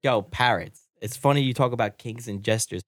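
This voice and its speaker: Podcast co-host, rapid-fire talk, excitable, squeaky impressions, dry close sound. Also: dry recording. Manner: rapid, excitable storytelling with high-pitched mimicry. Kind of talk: casual chat.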